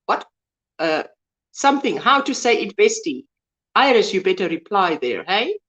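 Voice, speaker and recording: A woman's voice: mid-range voice, very animated, moderate pace, fairly bright tone. A woman hosting a casual live-stream chat, greeting viewers and reading their comments aloud. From South Africa. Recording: dull lo-fi stream audio.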